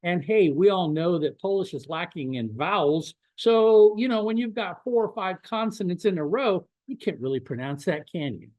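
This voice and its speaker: Male professor, lecture delivery, lively rhetorical style, very varied pitch. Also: moderate pace, hardly any pauses, dry recording, highs cut off. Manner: animated, with rhetorical questions. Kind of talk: lecture to teachers.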